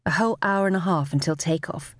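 A woman narrating a novel as an audiobook, with expressive storytelling. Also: lowish voice, fast talker, no room sound, clean studio sound. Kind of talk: scripted narration.

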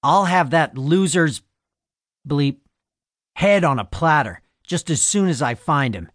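Man playing a booming furious police captain. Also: drawn-out words, sharp tone, no room sound, clean studio sound, full character voice. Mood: furious bellowing. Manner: booming, bellowing. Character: large booming middle-aged male police captain, furious.

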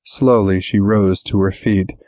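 A man narrating a science-fiction audiobook in a measured, even storytelling manner on a close studio mic. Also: deep voice, dry recording. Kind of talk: scripted narration.

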